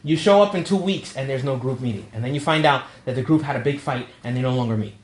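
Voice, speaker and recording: Joking priest in an echoey room. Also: male voice, medium pitch, fast. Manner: conversational and humorous, acts out quoted dialogue. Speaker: priest leading a young adult ministry meeting. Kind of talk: casual talk to a young adult group. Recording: echoey room with faint background noise.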